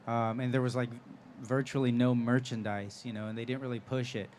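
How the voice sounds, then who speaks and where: A man speaks at a convention panel, a voice actor telling stories in a chatty, easygoing way with frequent laughs. His voice sits at an ordinary middle pitch. A faint murmur of hall ambience hangs behind him. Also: level tone, fairly quick, darkish tone, slight background noise. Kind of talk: live panel Q&A storytelling. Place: convention stage.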